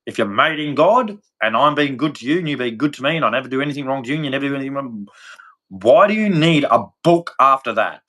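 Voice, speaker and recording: A man's voice: mid-range voice, animated, fast, sharp tone. An Australian man from Australia giving a blunt, rambling opinion rant to camera, swearing freely. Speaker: vlogger.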